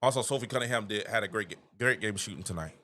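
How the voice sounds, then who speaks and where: A man's voice: lowish voice, rapid-fire, pushed and bright. A man hosting a basketball show, talking casually and animatedly and laughing at his own jokes. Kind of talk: casual sports commentary.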